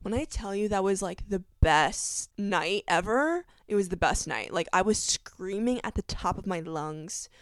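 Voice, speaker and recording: A woman's voice: mid-range voice, lively intonation, a little slow, few pauses, no room sound. A woman in her twenties chatting casually to camera as a vlogger, gushing and chatty, with lots of "like".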